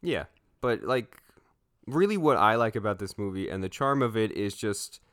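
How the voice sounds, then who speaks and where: Low-voiced young man, laid-back movie chat. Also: expressive, moderate pace, fairly bright tone, no room sound, studio quality. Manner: laid-back, swears a lot, laughs often. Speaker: podcast co-host. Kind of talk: casual movie review chat.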